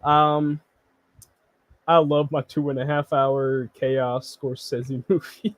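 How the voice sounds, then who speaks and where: A man's voice: medium pitch, flat delivery, slow pace, no echo. A man hosting a podcast in casual chat, easygoing and agreeable, with many short replies. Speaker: podcast host.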